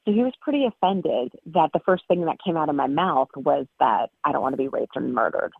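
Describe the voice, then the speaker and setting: A woman's voice: sits low, a little fast, creaky, breathy edge, no echo. A woman co-hosting a podcast, telling a story in casual, chatty talk full of "like" and "um". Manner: chatty, lots of "like" and "um". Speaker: podcast co-host. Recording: tinny phone line.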